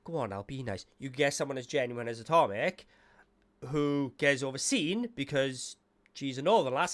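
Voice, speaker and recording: Male host, mid-pitched, chatty and rambling, casual panel talk. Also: animated, normal speed, fairly bright tone. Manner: chatty, meandering, self-correcting.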